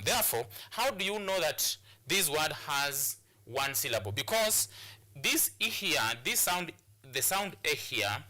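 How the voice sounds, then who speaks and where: Bright-voiced Kenyan male English teacher. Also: a little high. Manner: repetitive explanations, frequent restarts and rhetorical questions. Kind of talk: classroom lesson on stress and syllables.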